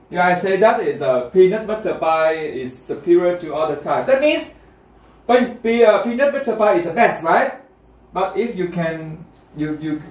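Brief: male teacher running a lesson, a bit high, in a roomy classroom heard from across the room. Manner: checks in often with students, repetitive and encouraging. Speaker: English test teacher. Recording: roomy classroom, mic far off.

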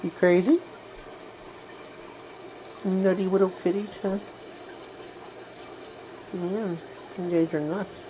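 A woman's voice: fairly low pitch, steady tone, slow pace, pauses often, noisy background. A woman at home by a garden pond, talking to her pets in cooing, teasing baby-talk and playful meows. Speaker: pet owner.

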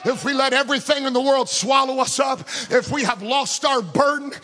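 A pastor preaching a Pentecostal sermon in a church, shouting in a sing-song preaching cadence. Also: male voice, very high-pitched, moderate pace, soft background music.

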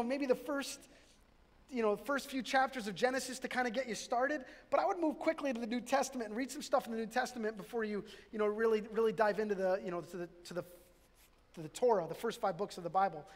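A middle-aged man, a pastor, preaching a sermon in a conversational way, with restarts and self-deprecating jokes. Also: high-pitched. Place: church sanctuary. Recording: reverberant hall.

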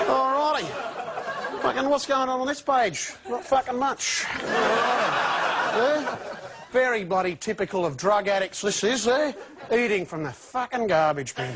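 An actor playing a crude, swearing Australian ex-convict who reads a children's story in a jovial yet menacing way, ending lines with a taunting "eh?". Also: male voice, extremely high pitch. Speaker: comedy sketch performer. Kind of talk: parody children's story reading. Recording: studio audience laughter and noise.

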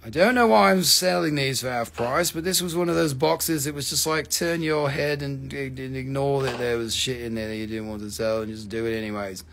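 A man's voice: mid-range voice, a little fast, gravelly, hardly any pauses, a bit bright. A man hosting a live mineral sale, chatting casually with lots of swearing and rambling jokes. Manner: profane, rambling, joking. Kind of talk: casual live-stream selling chat.

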